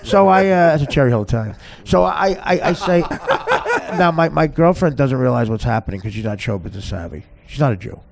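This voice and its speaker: A man's voice: on the high side, animated, a little fast, creaky, over a noisy crowd. A podcast host telling a comic story in a rambling way, often laughing at his own tale.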